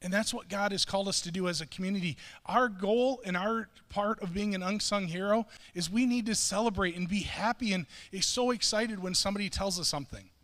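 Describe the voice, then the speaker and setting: A man's voice: sits high, fairly quick, hardly any pauses, a bit bright. A middle-aged man preaching a sermon as pastor, talking in a conversational, self-deprecating way and often restarting his words. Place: church sanctuary. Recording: long church hall reverb.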